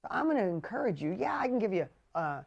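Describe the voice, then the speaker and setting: A man coaching a live online group in an emphatic, punchy way, swearing casually and swinging between loud urging and quiet intensity. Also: sits high, big pitch swings, quick pace, creaky, lo-fi sound. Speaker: business coach. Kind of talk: motivational coaching livestream.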